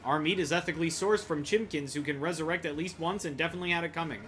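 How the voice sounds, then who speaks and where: A man doing a chirpy fast-food clerk. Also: a little high, a bit bright, a little hiss or hum, natural voice. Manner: chirpy sales patter. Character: peppy fast-food counter clerk, upbeat and salesy.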